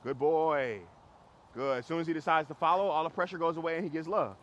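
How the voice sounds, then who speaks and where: A man's voice: on the high side, fairly even intonation, quick pace, fairly bright tone. Blunt man coaching outdoors. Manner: blunt, casual, laughs often. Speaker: dog trainer. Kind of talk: coaching a client on a walk. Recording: dull audio with clear street noise.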